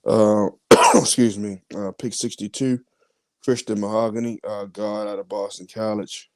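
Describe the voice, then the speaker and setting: A man hosting a podcast, reading out his mock draft picks in a casual, halting way with many fillers. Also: fairly low pitch, little pitch movement, dry recording. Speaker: podcast host.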